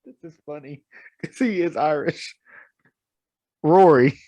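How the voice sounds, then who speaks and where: A man's voice: on the high side, takes it slowly, dark tone, dry recording. A man co-hosting a podcast in casual chat, joking, laughing often and trailing off into restarts. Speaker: podcast co-host. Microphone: studio podcast mic.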